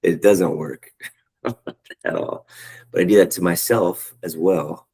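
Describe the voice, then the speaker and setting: A middle-aged man leading a casual spiritual study group over a video call, talking in an animated, rambling way and searching for words. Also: low-pitched, normal speed, gravelly, husky, poor audio.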